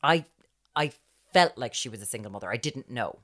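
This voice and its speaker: An Irish woman co-hosting a chatty podcast, telling stories animatedly and acting out other people's words, often dropping to a hushed voice. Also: very deep voice, brisk. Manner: animated storyteller who acts out quotes, often dropping to a hushed voice. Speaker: podcast co-host. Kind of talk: casual chat, storytelling.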